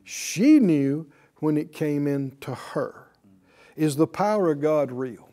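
A man's voice: a little high, lively intonation, slow pace, dark tone. A man teaching a Bible class in a preaching style, repeating key words and calling on the class to answer. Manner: emphatic, repeats key words, calls for responses.

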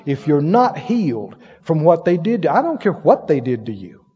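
Preacher, male, lively storytelling sermon, high voice with big swings, dull sound with a long hall echo. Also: normal speed, husky. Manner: animated storytelling with laughs and acted-out quotes.

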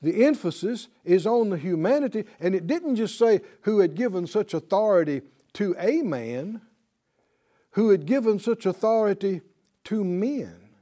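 High-voiced man teaching bible class, slow and emphatic, keeps asking the students questions. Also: lively intonation, warm tone.

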